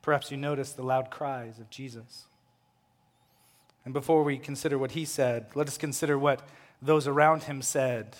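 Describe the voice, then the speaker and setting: A man preaching a sermon, swinging between loud, impassioned proclamation and hushed, quiet lines. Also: medium pitch, fairly even intonation, moderate pace. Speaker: pastor. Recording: long hall reverb.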